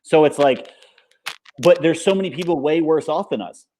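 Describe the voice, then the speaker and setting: A man being interviewed in a relaxed chat, talking in an upbeat, rambling way, full of fillers. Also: a little high, moderate pace, a little hiss or hum. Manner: rambling and upbeat, many fillers like "like" and "you know". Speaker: interview guest, paintball coach and business owner.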